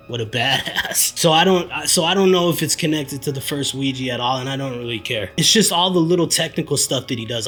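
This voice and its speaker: A young man hosts a podcast and reviews horror movies in a loose, candid, slang-filled way. His voice sits a little high for a man. Faint music plays behind him. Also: a bit bright. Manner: laid-back, slangy, candid. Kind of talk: casual spoken movie review.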